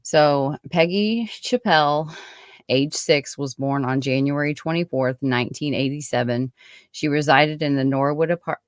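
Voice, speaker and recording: A woman with a low-pitched voice hosts a true-crime podcast, casually reading her own write-up of a case. Between read passages she adds chatty asides, with frequent fillers and restarts. The sound is clean studio audio with no room sound.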